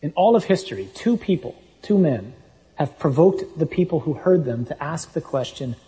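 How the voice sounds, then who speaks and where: Emphatic male preacher with a mellow voice. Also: a little high, animated, normal speed, rough recording. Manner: emphatic, reasoning, reads scripture aloud. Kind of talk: sermon.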